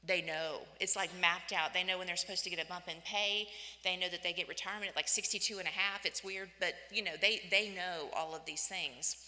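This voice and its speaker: A woman in her fifties giving an inspirational church talk, telling personal stories in an animated way and acting out the voices she quotes. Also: lowish voice, fairly quick. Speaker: women's day church speaker. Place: church hall. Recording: echoey church hall.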